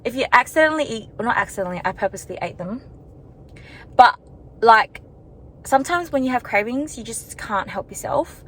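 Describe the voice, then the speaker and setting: A woman's voice: a little high, lively intonation, a little fast, poor audio. A young woman talking to her camera while walking outdoors, in a rambling, chatty, self-reflective way with lots of filler words. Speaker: vlogger. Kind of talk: casual vlog chat.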